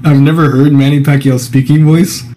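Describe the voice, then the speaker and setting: A man's voice: fairly high pitch, level tone, normal speed, crowd noise, low-quality recording. A man chatting casually while gaming, joking and laughing often. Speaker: gamer.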